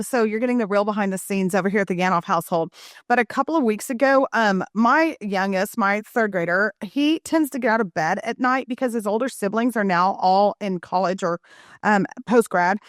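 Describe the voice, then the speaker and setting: A middle-aged woman, a guest author, tells a family story on a podcast and brings it to life by acting out the scenes. Her voice sits fairly high. The sound is close and dry, with no room echo.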